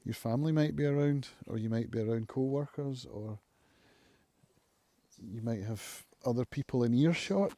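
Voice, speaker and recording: At home, a man who hosts a channel and is a recovering alcoholic gives a relaxed, unhurried live-stream monologue. He muses aloud reflectively, often pausing to search for words. His mid-range voice is warm and mellow, captured up close in a dry recording.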